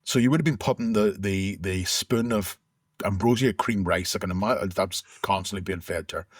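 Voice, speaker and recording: Low husky man, reflective. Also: normal speed, no echo, studio quality. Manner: reflective, conversational, with restarts. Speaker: interview guest. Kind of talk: candid personal storytelling.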